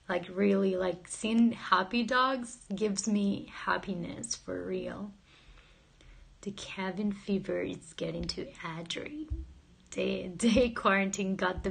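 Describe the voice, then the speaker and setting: A woman's voice: medium pitch, vocal fry, a bit bright, breathy edge. A woman casually chatting on a livestream, playful and giggly, joking with viewers and reading their comments aloud. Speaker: livestream host.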